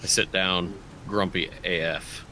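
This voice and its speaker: Brash man with a bright, low voice. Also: fairly even intonation, unhurried, a little hiss or hum. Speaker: player. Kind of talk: tabletop role-play.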